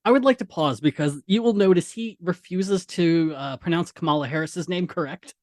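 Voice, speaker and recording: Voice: medium pitch, normal speed, darkish tone, dry recording, clean studio sound. Wry, chuckling podcast co-host. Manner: wry, explanatory, chuckles often. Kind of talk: casual chat.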